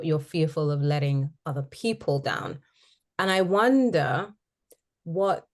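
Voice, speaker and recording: A woman hosting a call as a writing coach, giving advice in a calm, measured, encouraging way. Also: low-pitched.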